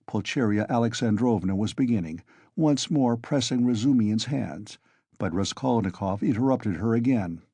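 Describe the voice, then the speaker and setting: A man narrating a classic novel as an audiobook in measured storytelling. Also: lowish voice, mellow, slightly rough, no room sound. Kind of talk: scripted narration.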